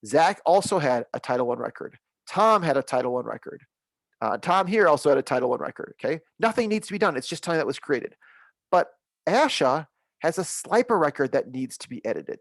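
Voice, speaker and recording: A man running a software training webinar, upbeat and reassuring, repeating the key points as he walks through the screens. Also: a little high, sing-song, brisk, vocal fry, dry recording.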